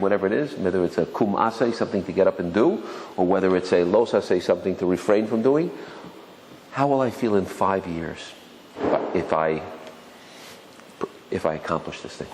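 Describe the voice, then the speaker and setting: A rabbi teaches a class to a live audience in a rapid, low-pitched voice, firing rhetorical questions at the listeners. He often restarts his sentences and stumbles over repeated words. His voice rings with a long hall reverb over faint background noise. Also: darkish tone. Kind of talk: Torah lecture to a live audience. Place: lecture room with an audience.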